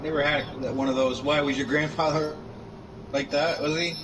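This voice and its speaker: A man's voice: fairly high pitch, flat delivery, moderate pace, distant mic, crowd noise, low-quality recording. A man hosting a podcast in casual chat, rambling with many restarts and fillers. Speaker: podcast host. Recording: loud music playing over the talk.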